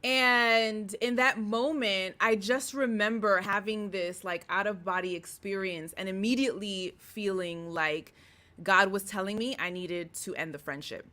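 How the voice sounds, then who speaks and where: A young woman hosting a podcast, telling a personal story in a casual, animated way and acting out her own thoughts. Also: mid-range voice, measured pace. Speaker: podcast host.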